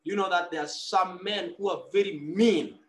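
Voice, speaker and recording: A man's voice: sits high, moderate pace, a little hiss or hum. A man preaching a sermon, prompting his listeners with call-and-response questions.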